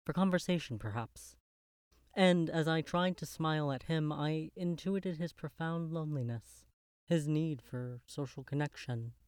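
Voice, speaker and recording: A man narrating a gothic horror story in the first person, in a measured, literary storytelling manner. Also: a little high, darkish tone, clear, resonant tone, no echo, clean studio sound.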